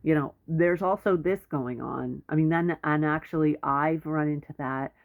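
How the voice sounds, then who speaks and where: Speaking at normal speed in a mid-range voice with vocal fry, this advice vlogger rambles bluntly through a casual monologue. Sentences often get cut off and restarted, and the recording has a tinny, phone-like quality.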